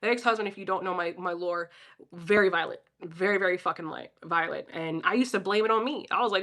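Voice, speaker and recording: A woman's voice: fairly low pitch, fast, fairly bright tone. A woman from Philadelphia giving a casual, profane pep talk on a livestream and answering her chat. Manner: blunt, profane, talks straight to chat.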